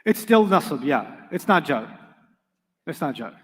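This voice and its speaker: A man's voice: a little high, very animated, measured pace, a bit bright, breathy edge, long reverb tail. A man teaching Arabic grammar to a class, emphatic, repeating key points and quizzing his students.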